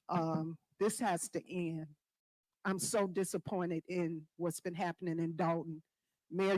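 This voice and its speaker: A woman's voice: fairly low pitch, a little mellow, no room sound, rough recording. A woman resident giving a firm, disappointed public comment at a village board meeting.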